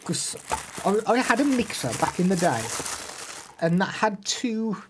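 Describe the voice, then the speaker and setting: A man's voice: high-pitched, lively intonation, measured pace, background noise. A male streamer chatting casually during a live stream, showing gear and answering viewers, laughing easily.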